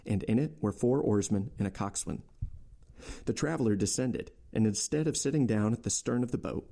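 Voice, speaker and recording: A man reading a novel aloud for a podcast in a measured, steady storytelling voice. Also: lowish voice, creaky. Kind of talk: audiobook narration.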